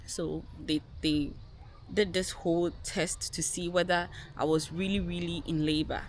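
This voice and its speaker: Animated young woman telling her story. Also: on the low side, measured pace, a little hiss or hum. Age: young adult. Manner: animated, laughing, acts out quotes. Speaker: vlogger. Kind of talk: casual storytelling to viewers.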